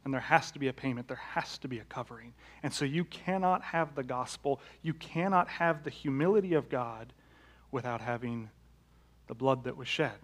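A man preaching a sermon in a conversational way, with rhetorical questions, that rises to loud emphatic peaks and drops to hushed, low lines. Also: moderate pace. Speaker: pastor.

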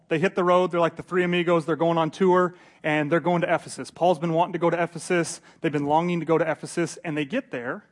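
A man teaching a casual Bible study, chatty and joking. He often repeats his words and acts out the scenes he describes. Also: a little high.

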